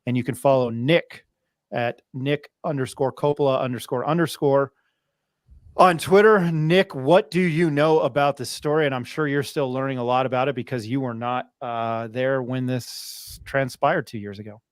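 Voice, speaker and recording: A man's voice: mid-range voice, steady tone, moderate pace, no echo, clean studio sound. A man hosting a sports talk show in a casual, joking, self-deprecating way. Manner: joking, self-deprecating, laughs between lines. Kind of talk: casual chat.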